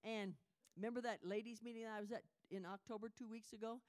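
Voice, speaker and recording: A woman's voice: a little high, steady tone, a little mellow. Woman preaching an earnest testimony. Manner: emotional, conversational storytelling that asks the audience questions; leads listeners in reading scripture aloud, slow and emphatic. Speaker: women's Bible study speaker. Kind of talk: sermon with personal testimony.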